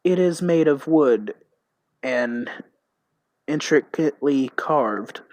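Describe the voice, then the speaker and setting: A man streaming a text role-playing game, reading it aloud haltingly and thinking out loud about his choices. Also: fairly high pitch, lively intonation, no room sound, poor audio.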